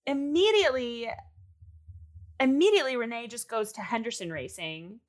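Chatty woman recapping a movie. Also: on the high side. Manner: fast, animated, lots of "like".

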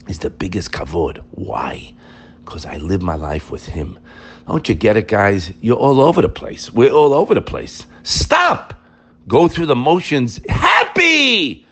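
Impassioned preaching man, lively pitch. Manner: impassioned, swings between loud exhortation and hushed intimacy; addresses listeners as guys, asks rhetorical questions. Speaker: rabbi giving daily inspiration. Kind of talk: sermon.

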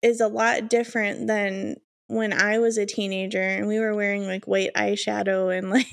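A woman in her thirties, telling a lively story in casual chat, laughing often and swearing. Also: medium pitch, normal speed, vocal fry.

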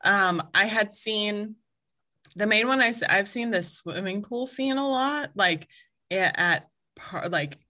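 A woman's voice: medium pitch, slow pace, sharp tone. A woman co-hosting a podcast, chatting casually and rambling, with lots of fillers and frequent laughter. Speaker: podcast co-host. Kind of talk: casual chat.

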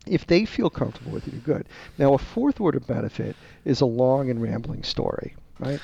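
A man's voice: medium pitch, sing-song, fairly quick, creaky, mellow, slightly rough. A man explaining sales methods as a podcast guest, teaching in an emphatic way and acting out sample dialogue. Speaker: guest, research firm executive. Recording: dull lo-fi dry sound.

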